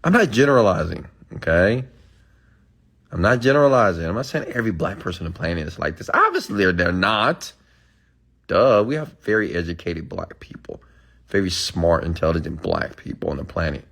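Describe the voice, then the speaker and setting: A man's voice: sits low, very animated, brisk, gravelly, fairly bright tone. A man ranting emphatically on a live stream, answering chat comments and preaching to his followers with repeated "okay?"s.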